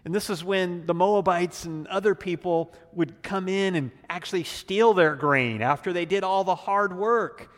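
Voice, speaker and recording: A man preaching as a pastor, teaching through a Bible passage in a relaxed, casual way, acting out the characters' lines. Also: sits high, moderate pace, few pauses, big-room sound.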